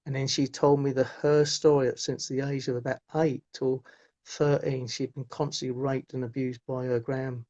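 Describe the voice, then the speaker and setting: A man's voice: mid-range voice, little pitch movement, normal speed, a little mellow. A middle-aged man, telling his life story as a guest in a rambling way, often restarting his sentences. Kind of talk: personal storytelling in conversation. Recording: muffled lo-fi audio.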